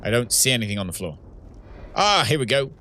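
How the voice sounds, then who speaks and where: A man's voice: mid-range voice, big pitch swings, a little fast, pushed and bright, slight background noise. Chatty man streaming a game. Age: 30s. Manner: chatty, reads chat aloud, laughs often. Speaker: streamer and host. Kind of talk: casual livestream gaming chat.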